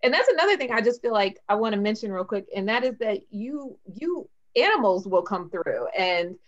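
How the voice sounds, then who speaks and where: A woman's voice: medium pitch, big pitch swings, a little fast. A woman hosting a podcast, chatting casually and hesitantly with many fillers. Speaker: podcast host. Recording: dull lo-fi sound.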